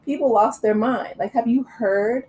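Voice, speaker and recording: Chatty opinionated woman, mellow voice. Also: a little high, a little slow, a little hiss or hum, low-quality recording. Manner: chatty and opinionated, many fillers and asides. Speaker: channel host. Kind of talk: casual commentary vlog.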